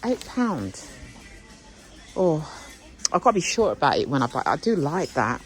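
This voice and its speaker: A woman's voice: sits low, sing-song, moderate pace, soft background music, rough recording. Chatty woman browsing a shop. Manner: chatty, exclamatory, talks to viewers while browsing. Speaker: vlogger. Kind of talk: casual shopping vlog chat. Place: indoor shop.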